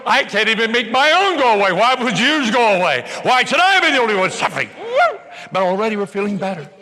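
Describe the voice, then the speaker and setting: An older man giving an energetic, joking motivational seminar talk to a live audience in a large hall, bursting into shouts as he tells stories. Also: high-pitched, fast. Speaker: motivational speaker.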